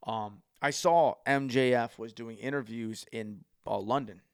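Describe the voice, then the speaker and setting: A man's voice: medium pitch, a little slow, creaky, clean tone, dry recording. Profane American man, dry close sound. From United States. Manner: profane, rambling storyteller. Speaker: podcast host. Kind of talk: casual chat.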